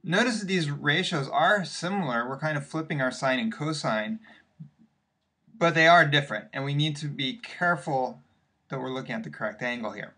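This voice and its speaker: A man's voice: on the high side, moderate pace, bright, forceful tone. A male math teacher walking patiently through worked examples in a recorded lesson, step by step with occasional fillers.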